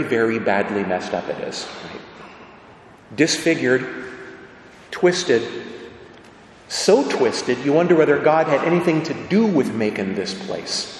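A male preacher delivers an earnest, conversational sermon, his pitch rising and falling in lively sweeps. His voice rings through a large church with a long, echoing tail. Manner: earnest, conversational preaching with vivid acted quotes. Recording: echoey church hall.

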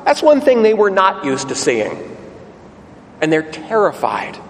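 A man's voice: high-pitched, huge pitch swings, unhurried. A man preaching a sermon, telling the story vividly and putting rhetorical questions to the congregation. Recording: long church reverb, faint ambient noise.

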